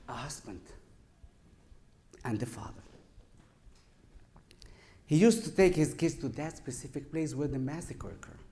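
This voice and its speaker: Measured man telling a story on stage. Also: fairly high pitch. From Israel. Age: 30s. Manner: slow, deliberate, with dramatic pauses between phrases. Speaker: public speaker. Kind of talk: prepared storytelling speech. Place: lecture forum before an audience.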